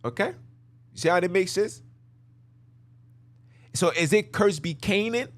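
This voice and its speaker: A man's voice: sits high, measured pace. A man hosting a podcast, giving emphatic, repetitive religious commentary in casual slang while he talks his listeners through slides. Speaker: podcast host.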